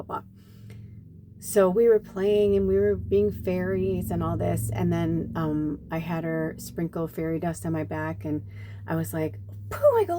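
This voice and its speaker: In a low, mellow voice, a woman who works as a spiritual medium and card reader chats casually. She rambles through a personal story and acts out the people she quotes.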